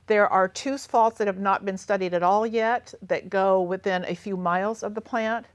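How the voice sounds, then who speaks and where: A woman speaking as an activist guest, earnestly explaining in detail with the odd hesitation. Her pitch sits in the middle, and the recording is dry and close. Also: fairly even intonation, moderate pace, no room sound. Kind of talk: casual interview chat.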